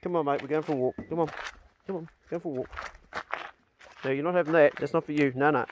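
A middle-aged New Zealand man with a slightly higher voice, talking casually and bluntly outdoors on his property. He shouts now and then to his dogs, with faint background noise behind him. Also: fast talker. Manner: relaxed, blunt, calls the dogs loudly. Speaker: vlogger. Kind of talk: casual family vlog.

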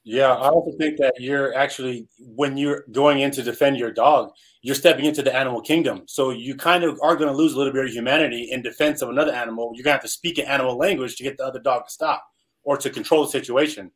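Fast-talking man explaining a point. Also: medium pitch, steady tone, poor audio. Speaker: podcast guest. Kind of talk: casual chat.

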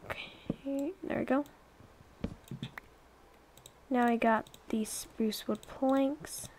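A woman's voice: fairly high pitch, steady tone, drawn-out words, darkish tone, slight background noise. A young woman chatting and rambling through her gameplay commentary, exclaiming and coaxing her pets along. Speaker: let's play YouTuber.

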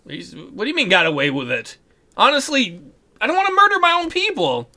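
A man hosting a let's play, chatting casually and cracking jokes as he reads the game text. His voice is high and very bright, with animated swings in pitch. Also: moderate pace. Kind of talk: casual gameplay commentary.

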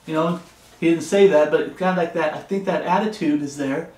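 A man's voice: a little high, a little fast, a little mellow, echoey room. A man teaching a Bible study in an earnest, repetitive way, reading scripture aloud between remarks. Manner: earnest, repeats and restarts phrases, reads scripture aloud. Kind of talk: sermon-style Bible study.

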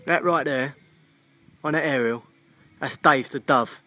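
A man in a comic rant, swearing constantly and swinging between shouting and muttering. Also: medium pitch, measured pace.

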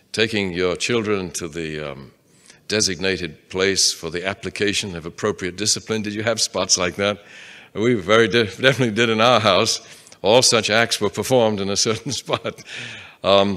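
Man, Bible teacher, bright voice, lively pitch, conversational, reads scripture, questions the audience. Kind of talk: interactive Bible class lecture. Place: meeting room with a live audience.

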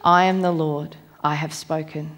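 A woman preacher giving a sermon, reading scripture aloud in a measured, emphatic way and slowing down on key phrases. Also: low-pitched, steady tone. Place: church.

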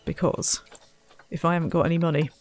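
A woman's voice: deep voice, steady tone, brisk, darkish tone, soft background music. Chatty woman playing a zoo game. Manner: chatty, self-mocking, talks to the animals and visitors. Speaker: let's play host. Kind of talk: casual gameplay commentary.

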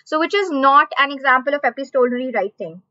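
Indian lady teacher, bright sharp voice, repeats stuff slow, dry kinda dull audio. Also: sits high, lively intonation, no echo. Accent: Indian English. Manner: repeats questions slowly, drawn-out emphasis. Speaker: online exam-prep teacher. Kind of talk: live online class.

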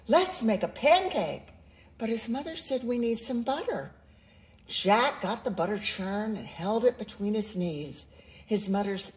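A woman reading a children's picture book aloud in a slow, expressive storytelling manner. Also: medium pitch. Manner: slow, expressive, sing-song.

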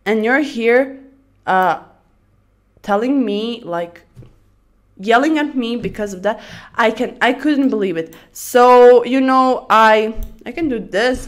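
A young woman chatting casually about her day while playing blitz chess, rambling through stories and bursting out excitedly over her moves. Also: on the high side, slow pace. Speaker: chess streamer.

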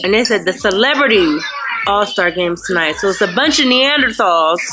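A woman's voice: medium pitch, lively intonation, a little fast, noisy background. Sassy young woman vlogging at home. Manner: sassy, scolding the kids, then hushed at night. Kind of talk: casual vlog narration.

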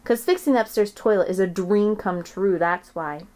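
A woman reading a children's chapter book aloud in an expressive storytelling way. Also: medium pitch, normal speed.

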